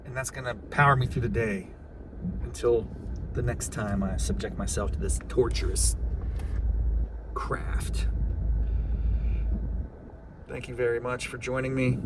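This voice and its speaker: A man's voice: medium pitch, background noise. A man hosting a vlog, tired and sore after class, rambling and joking at his own expense. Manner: rambling, self-mocking, joking. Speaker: vlog host. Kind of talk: rambling casual monologue.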